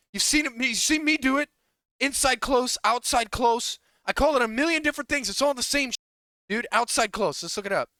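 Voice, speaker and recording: A male game coach speaks in a high, bright, forceful voice with vocal fry, recorded dry. Exasperated, he rants at his players, cursing and repeating himself rapidly.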